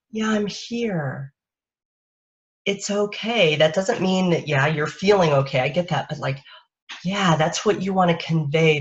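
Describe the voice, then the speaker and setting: A woman parenting coach giving a live-streamed talk in a soft, unhurried, lulling way, speaking into a webcam or phone. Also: low voice. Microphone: webcam or phone on a live video stream. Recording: dull lo-fi stream audio.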